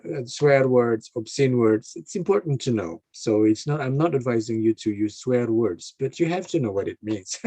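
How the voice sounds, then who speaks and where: A man's voice: mid-range voice, warm tone, dry recording. A man giving an online talk to a club, speaking hesitantly with many fillers and restarts over a video call. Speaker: guest speaker.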